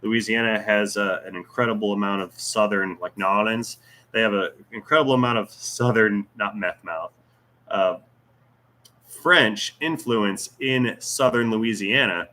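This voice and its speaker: A YouTube channel host, a man with a lowish, sharp-toned voice, takes his time as he runs a casual livestream Q&A. He reads viewer comments aloud, mixing in jokes, teasing, and rambling asides.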